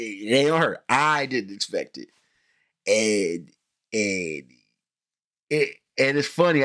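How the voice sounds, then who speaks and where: Rambling man chatting about a movie. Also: mid-range voice. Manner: rambling, frequent restarts and fillers, animated when excited. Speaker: podcast host reviewing a movie. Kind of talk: casual movie review chat.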